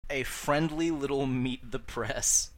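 A man's voice: medium pitch, takes it slowly. A man co-hosting a podcast in casual chat, rambling with many restarts and frequent laughter. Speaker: podcast co-host.

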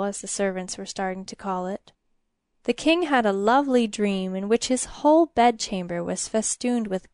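A woman reading a fairy tale aloud in a slow, measured, expressive way. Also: on the high side, no echo, clean studio sound. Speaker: narrator. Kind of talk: storybook narration.

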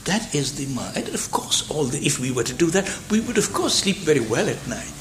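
An older man giving a reflective spiritual lecture, halting and repeating words, sometimes dropping to near whispers. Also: a little high, sing-song, a little hiss or hum. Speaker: speaker. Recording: roomy hall sound.

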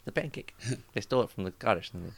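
A man's voice: fairly low pitch, creaky. A man co-hosting a podcast, joking through casual banter with his friends and laughing often. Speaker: podcast co-host.

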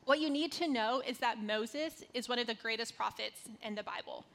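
A woman's voice: fairly high pitch, moderate pace, creaky, a bit bright. A woman in her thirties from North Carolina giving a conversational devotional talk, telling a personal story with casual fillers.

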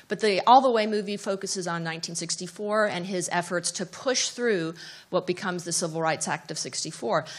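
A middle-aged woman professor speaks at a seminar in a somewhat low voice. She tells an anecdote in a lively way, with fillers and small restarts along the way. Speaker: professor of presidential studies. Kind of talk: seminar talk, storytelling.

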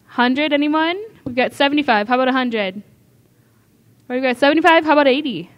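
High-voiced woman calling an auction. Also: muffled recording. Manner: brisk, repeats bids, coaxing. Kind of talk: live charity auction calling.

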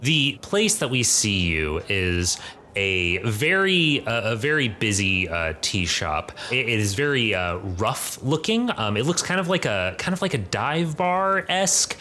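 Male game master, low bright voice, loose rambling narration. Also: very animated, measured pace, slight background noise. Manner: rambling, filler-heavy.

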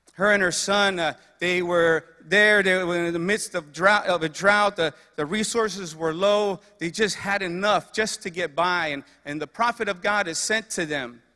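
Bright-voiced male preacher in a reverberant hall. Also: high voice. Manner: earnest storytelling with repeated phrases. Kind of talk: sermon.

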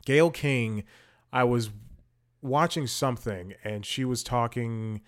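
A man's voice: mid-range voice, slow pace. A man hosting a podcast, chatting casually with lots of fillers, restarts and tangents as he thinks aloud. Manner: rambling, many fillers and restarts; opinionated, thinks aloud while scrolling. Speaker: podcast host. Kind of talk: casual commentary.

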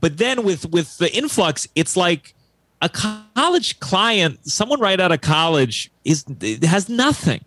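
A man's voice: high-pitched, sing-song, a little slow, a bit bright. A young adult male actor chatting casually, candid, wry and profane. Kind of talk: casual chat.

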